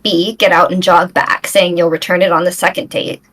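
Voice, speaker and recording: A woman playing a poised bachelorette, reading out questions in a measured way. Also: fairly low pitch, little pitch movement, a bit bright, low-quality recording. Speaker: contestant. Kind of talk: comedic improvised dating game.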